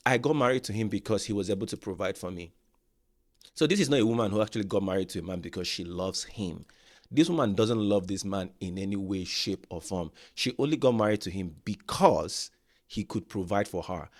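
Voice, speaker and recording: A man's voice: deep voice, brisk. A man hosting a reaction video, talking emphatically and repeating his points for stress. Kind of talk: casual reaction commentary.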